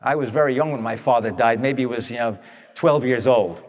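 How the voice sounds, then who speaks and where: This radio advice speaker talks fairly quickly in a medium-pitched voice, with a long reverb tail behind him. His storytelling is folksy and conversational, aimed right at his listeners, with what people said acted out.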